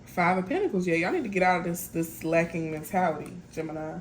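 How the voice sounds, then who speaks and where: A woman's voice: lowish voice, lively intonation, fast, a little hiss or hum. A woman doing a casual tarot reading, chatty and blunt, talking straight to her viewers. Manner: chatty, blunt, lots of "y'all" and "like". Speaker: tarot reader.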